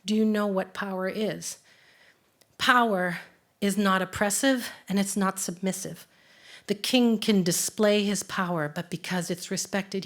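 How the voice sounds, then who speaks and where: A woman quoting a calm, wise male guide speaks in a measured, unhurried way. His words come gently, like a patient teacher. The voice sits at a middling pitch, pulled a little low and soft in the telling. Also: close to an everyday voice. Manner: slow, measured, gently instructive.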